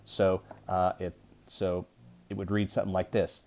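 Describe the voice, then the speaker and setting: Slow-reading man teaching young kids. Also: sits low, little pitch movement, vocal fry, darkish tone. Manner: slow, deliberate reading aloud with pauses. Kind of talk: early-grade reading lesson.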